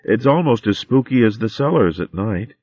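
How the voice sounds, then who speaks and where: A man's voice: on the low side, animated, normal speed, darkish tone, dry recording, dull audio, pitched above the performer's own voice. A man voicing a nervous young animal girl. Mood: uneasy.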